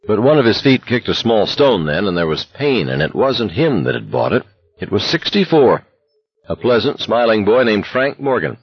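A man narrating an audiobook in a steady, intense voice. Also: fairly low pitch, moderate pace, husky, no room sound, highs cut off. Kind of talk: scripted narration.

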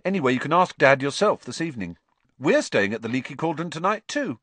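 Man doing a cheeky teen boy, quick, teasing, excitable, pitched up. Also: no echo. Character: cheeky joking teenage boy.

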